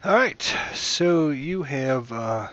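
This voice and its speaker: A man's voice: mid-range voice, animated, drawn-out words, fairly bright tone, dry recording. A man narrating a tabletop game as game master, meandering and hesitant, with many fillers, heard over voice chat.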